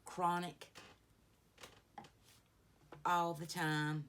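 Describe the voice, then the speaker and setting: A woman's voice: sits low, lively intonation, very slow, long pauses, fairly bright tone, a little hiss or hum. A middle-aged woman, chatting through a get-ready-with-me beauty vlog and rambling through stories with many asides. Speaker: beauty vlogger. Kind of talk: casual get-ready-with-me chat.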